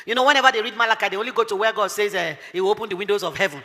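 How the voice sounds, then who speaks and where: A woman's voice: medium pitch, rapid-fire, sharp tone, in a large hall. A woman pastor preaching emphatically, firing rhetorical questions and telling stories. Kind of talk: sermon.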